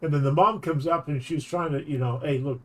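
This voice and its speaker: Guy streaming and telling a long rambly story, kinda high voice, keeps restarting sentences. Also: a little fast. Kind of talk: casual storytelling chat.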